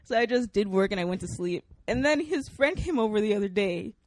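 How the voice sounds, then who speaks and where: A woman's voice: medium pitch, animated, brisk, a little mellow, no room sound. A young adult woman co-hosting a podcast, telling a story in casual chat, laughing often and animatedly quoting others. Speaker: podcast co-host. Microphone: studio microphone.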